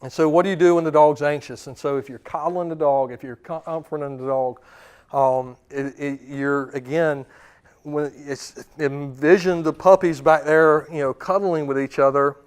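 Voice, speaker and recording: A man's voice: a little high, steady tone, smooth. Man giving a strict dog-training talk. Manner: forceful, acts out commands and dog thoughts in quick voices. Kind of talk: seminar talk.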